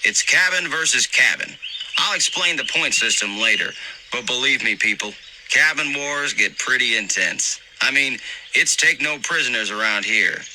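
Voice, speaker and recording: A man's voice: medium pitch, animated, moderate pace, a little hiss or hum, poor audio. A man doing a showy camp director. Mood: announcing. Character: hearty adult male camp director. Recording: narration over loud music.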